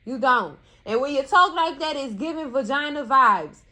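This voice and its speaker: A woman giving casual TV recap commentary in a sassy, animated way, scolding the characters and calling her viewers cousins. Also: sits high, moderate pace. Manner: colloquial, addresses viewers as cousins.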